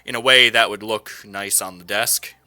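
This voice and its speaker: A man's voice: on the low side, steady tone, moderate pace, sharp tone, soft background music, voice pushed down. A man putting on a stiff intercom announcer voice. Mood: formal. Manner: stiff, formal announcing with filler hesitations. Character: formal adult male live-show intercom announcer. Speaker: esports caster.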